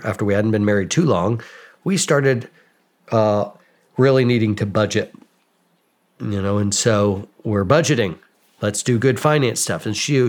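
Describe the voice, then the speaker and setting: A middle-voiced man in his forties talks casually as a guest on an interview show. He tells stories at his own expense, animated and quick, and jumps into the voices of both sides of the conversations he recounts. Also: medium pitch. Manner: animated, self-mocking, acts out quoted exchanges. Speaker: podcast guest.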